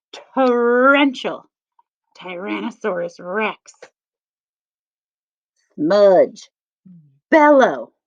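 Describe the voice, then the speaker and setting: A woman teacher reading a picture book aloud to children, stressing each word slowly in a sing-song way. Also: fairly high pitch. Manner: slow, sing-song emphasis on words. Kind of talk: read-aloud lesson for children. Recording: dull lo-fi sound.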